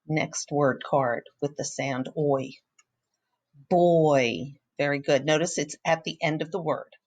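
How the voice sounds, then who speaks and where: A woman teacher talking pupils through a phonics lesson, patient and encouraging, praising them often. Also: sits low. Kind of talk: recorded phonics lesson walkthrough.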